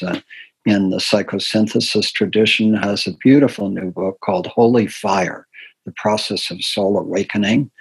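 An older man hosts a community talk series and gives gentle, unhurried announcements. His voice sits very low and sounds husky, and he fills his pauses with "uh" and "um". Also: low-quality recording. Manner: soft-spoken, unhurried, with many fillers.

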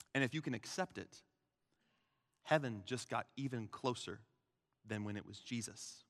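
A man preaching a sermon in an animated way, acting out the voices of Jesus and the crowds. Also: mid-range voice. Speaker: pastor. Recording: long hall reverb.

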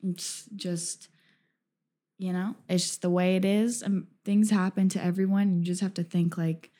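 A woman's voice: on the low side, flat delivery, measured pace, warm tone. A woman co-hosting a podcast, telling stories in a casual, laid-back, self-mocking way full of "like". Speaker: podcast co-host. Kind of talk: casual chat.

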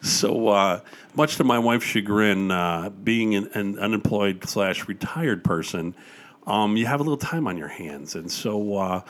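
An older man with a lowish voice, chatting easily as a guest. He tells stories with eager enthusiasm and scatters "uh" and "you know" through his sentences. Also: unhurried. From Wisconsin, USA. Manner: enthusiastic storyteller with frequent fillers. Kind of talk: casual chat.

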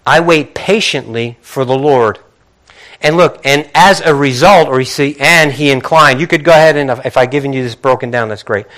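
A pastor, his voice on the high side, delivers a sermon. He reads scripture softly at first, then rises into forceful rhetorical questions that he repeats.

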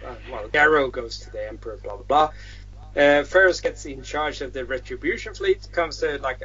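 A man casually retelling a story in a rambling, animated way, with swearing and slang, on dull lo-fi audio. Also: mid-range voice, moderate pace, breathy edge. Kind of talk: casual chat.

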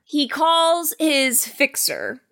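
Woman co-host, casual film recap, high bright voice, animated delivery. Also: drawn-out words. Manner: animated, retells scenes and acts out quotes. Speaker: podcast co-host.

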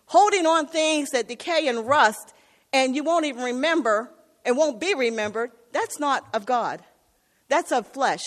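A woman preacher delivering an impassioned sermon, asking her congregation "Amen?" as she goes. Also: high voice. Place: church. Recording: long reverb of a hall.

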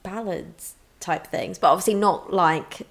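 Gravelly-voiced woman co-hosting a chat. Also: on the low side, measured pace. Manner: chatty, casual swearing, lots of fillers. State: sinus infection. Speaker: podcast co-host. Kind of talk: casual chat.

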